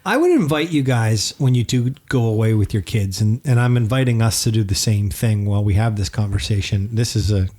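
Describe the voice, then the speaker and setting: A man's voice: lowish voice, fairly quick, hardly any pauses, warm tone. A man in his thirties co-hosting a podcast, chatting casually and giving earnest, self-deprecating advice. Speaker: podcast co-host. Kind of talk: casual chat.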